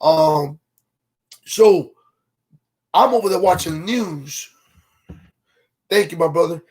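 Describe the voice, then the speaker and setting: A man spins a long, rambling story on a casual livestream. His voice sits high and sounds a little husky. He talks loosely in slang and keeps asking his audience whether they follow him. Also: slow pace, a little mellow. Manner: greets viewers from live comments mid-story.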